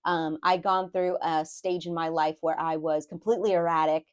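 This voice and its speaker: This tarot reader has a low voice, a steady tone, and a moderate pace. Her casual reading wanders, packed with fillers and false starts, as she confides openly about how she herself feels.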